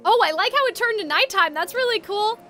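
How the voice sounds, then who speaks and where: A young woman streamer giving playful, excitable commentary while playing a game. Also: very high voice, fairly quick, faint music behind.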